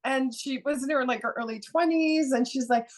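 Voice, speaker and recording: A woman comedian hosts a casual podcast chat in a fairly high voice. She is candid and swears freely, and she trades stories and asks eager questions. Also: moderate pace.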